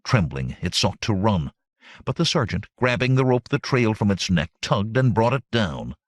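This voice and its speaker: Expressive male narrator, low, animated intonation, dry close sound. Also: normal speed, dry recording. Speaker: audiobook narrator. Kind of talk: scripted narration.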